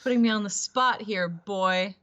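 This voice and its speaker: A woman's voice: medium pitch, normal speed. Playful woman on a muffled call line. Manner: playful, teasing, animated. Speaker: guest actress. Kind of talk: casual chat on a call.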